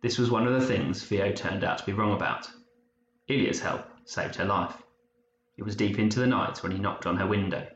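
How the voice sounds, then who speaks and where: A man reads an audiobook in a low, measured voice with even storytelling. The recording sounds dull and roomy, with a faint hiss behind it. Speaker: narrator. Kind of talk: audiobook narration.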